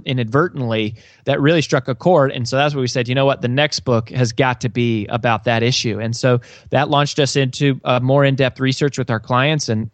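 A man of middle pitch answers interview questions in a dry, close recording. He talks with earnest conviction, often restarting his sentences with fillers. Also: dry recording. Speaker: author and business coach, interview guest.

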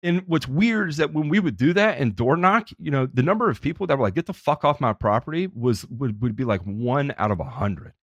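A man hosting a podcast, telling stories in a casual, profane and animated way. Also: mid-range voice, brisk, hardly any pauses, slightly rough, no echo.

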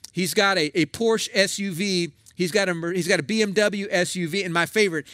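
A middle-aged pastor delivers a sermon in a folksy, conversational manner, punching his points with emphatic asides. His voice sits high for a man. The recording is dry, with little room sound. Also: sharp tone, no echo.

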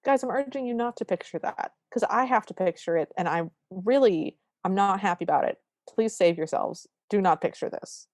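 A woman's voice: medium pitch, normal speed, hardly any pauses, no room sound. A woman co-hosting a podcast, recapping a film in casual chat and acting out the characters' lines. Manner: animated storytelling, acts out quoted lines. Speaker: podcast co-host.

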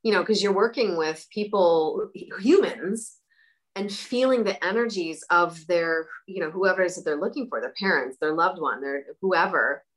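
A woman telling stories as a guest in a casual interview, chatty and animated, with frequent fillers. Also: lowish voice, moderate pace. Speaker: psychic medium guest.

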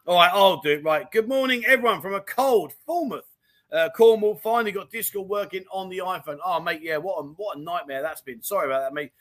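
A high-pitched man chatting on a casual livestream. His voice is bright and forward as he rattles through viewer comments, friendly and full of slang. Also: fairly quick. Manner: chatty and animated, full of mate and diamond geezer slang. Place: home in Thailand.

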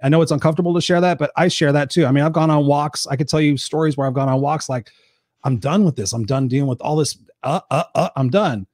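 A male interview host asks frank, direct questions. His voice is a little high and comes across dry and close, with no room around it. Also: fast, darkish tone, no room sound.

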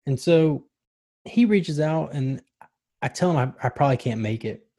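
A young man in casual chat, telling stories in a rambling, excited way with slang and swearing. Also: a little high, moderate pace. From Charlotte, North Carolina area.

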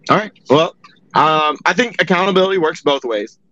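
A man's voice: a little high, expressive, normal speed, sharp tone, no echo. A man hosting a heated live audio chat, profane and mocking, with a lot of "uh" fillers. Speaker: space host. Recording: dry, dull lo-fi audio.

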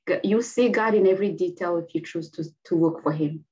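Woman, 30s, halting earnest testimony, lower pitch, lo-fi sound. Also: fairly even intonation, a little mellow. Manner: heartfelt, halting, with many restarts. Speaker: interview guest. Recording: dull lo-fi audio.

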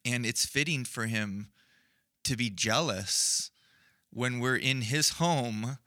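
A man's voice: mid-range voice, takes it slowly, bright, forceful tone, no echo, clean studio sound. A man co-hosting a casual faith podcast, earnestly building an analogy with frequent fillers and restarts. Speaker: podcast co-host.

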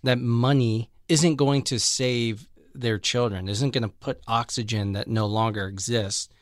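Earnest American podcast host, dry sound. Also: male voice, mid-range voice, fairly even intonation, unhurried, no room sound. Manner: earnest, laughs easily. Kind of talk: casual podcast chat.

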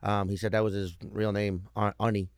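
A man's voice: lowish voice, flat delivery, a little fast, clean tone, dry recording, studio quality. A man talking casually, rambling and joking with lots of fillers, restarts and swearing. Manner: rambling, searching for words with many fillers and restarts; profane, joking. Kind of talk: casual conversation.

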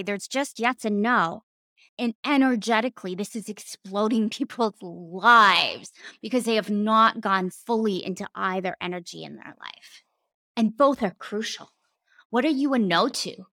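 A woman's voice: medium pitch, sharp tone, dry recording. A woman coach and former therapist giving a casual teaching talk, earnest, with emphatic repetitions and casual slang.

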